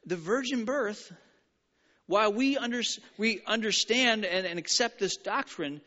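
A man preaching a sermon, animated and playful with frequent stumbling restarts, in an echoing church hall. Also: high voice, a little slow. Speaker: pastor. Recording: reverberant hall, dull sound.

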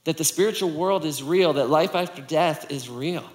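Animated male pastor in a reverberant hall. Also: on the high side, normal speed. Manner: conversational and animated, reading scripture aloud and voicing characters. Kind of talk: sermon.

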